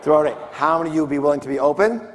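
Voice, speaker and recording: Very fast and a little high, a man's voice drives a motivational seminar on the stage of a large conference hall, eliciting call-and-response from listeners. The recording has a little hiss or hum and the long reverb of a large hall.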